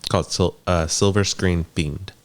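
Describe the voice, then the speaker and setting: A man's voice: low-pitched, steady tone, normal speed. A man on a podcast in casual chat, making brief, dry remarks.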